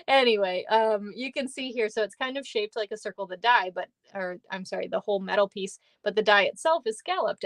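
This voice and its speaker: A woman's voice: medium pitch, a bit bright, dry recording. Chatty Minnesotan woman, giggly. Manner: chatty, upbeat, giggly, talks to viewers by name. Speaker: stamping class host. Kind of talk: live card-making demonstration.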